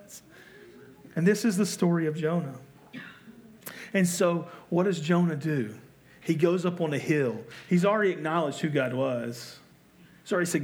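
A male pastor preaching in an easy, conversational way, with a voice pitched a little higher than most men's. He pokes fun at himself and keeps turning rhetorical questions on the congregation. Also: moderate pace, long pauses. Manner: conversational, self-deprecating, asks the audience rhetorical questions. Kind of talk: sermon.

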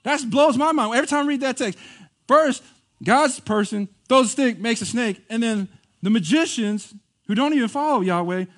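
Male pastor, fairly high voice, chatty sermon with questions to the room. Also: normal speed. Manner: conversational, animated, asks the congregation questions; jokes and laughs between points.

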